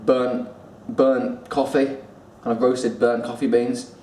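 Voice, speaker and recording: A man giving a casual spoken review, chatty, pausing and repeating words as he thinks. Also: mid-range voice, level tone, dark tone. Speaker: whisky reviewer. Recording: roomy echo, distant mic, faint room noise.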